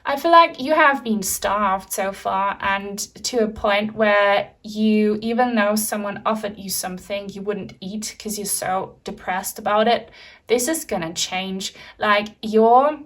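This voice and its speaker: A woman's voice: medium pitch, measured pace, a bit bright, distant mic. Chatty woman reading tarot, mic set back. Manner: chatty, reassuring, frequent fillers. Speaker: tarot reader. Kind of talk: pick-a-card tarot reading.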